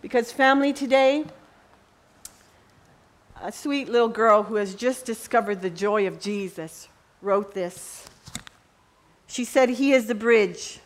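A middle-aged woman preaching a sermon with passion, dropping to a hush and rising to ringing cries. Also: fairly high pitch, slow, pauses often. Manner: impassioned, swings from hushed to ringing cries.

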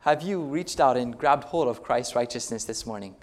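A man's voice: mid-range voice, animated, moderate pace. A male pastor preaching a sermon, retelling stories in a conversational way and putting rhetorical questions to the congregation.

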